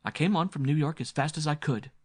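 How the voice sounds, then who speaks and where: A man's voice: a little high, fast talker, slightly rough, pitched above the performer's own voice. A man voicing a frightened, sheltered young woman who stammers and pants as she speaks. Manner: stammering, breathless. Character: frightened, refined young woman fresh from the city.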